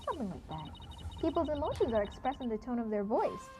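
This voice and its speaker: A woman's voice: on the high side, very animated, fast talker, over music. A woman voicing an earnest, cheerful young woman lawyer in a game, speaking in a friendly, explanatory way.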